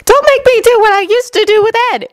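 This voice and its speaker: A woman's voice: extremely high pitch, fairly quick, no room sound, pitched above the performer's own voice. A woman reading a fanfiction aloud, voicing a blunt, fiery young mechanic woman who talks brusquely. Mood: insistent. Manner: brusque and sharp.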